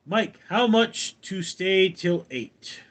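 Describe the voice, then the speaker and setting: Brief: a slow, deadpan male streamer with a lively pitch, answering his chat from home. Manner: dry, deadpan, reading chat names aloud. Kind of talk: casual live-stream chat.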